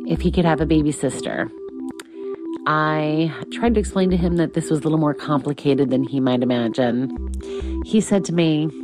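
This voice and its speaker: Woman caller, very low pitch, plain storytelling tone, music behind. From San Diego, California. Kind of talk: recorded anecdote.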